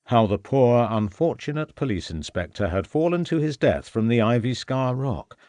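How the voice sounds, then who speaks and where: A man voicing a scheming, murderous Victorian gentleman who gloats and sneers at the inspector. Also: medium pitch, expressive, moderate pace, dry recording, natural voice. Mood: gloating.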